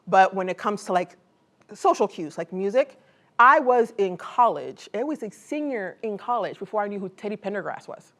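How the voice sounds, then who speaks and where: A woman's voice: mid-range voice, lively intonation, normal speed, fairly bright tone. A woman poet reading her work aloud and then chatting with an audience in a casual, joking way, full of fillers like "like" and "um". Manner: laughs easily and jokes with the audience. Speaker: poet and author. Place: college event before a live audience.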